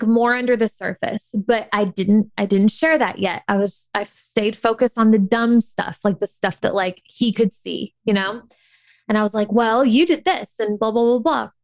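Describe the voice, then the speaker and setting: A woman's voice: medium pitch, no echo. Candid woman in her thirties, rambling story. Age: 30s. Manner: candid, emotional, many fillers and restarts. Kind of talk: casual personal storytelling.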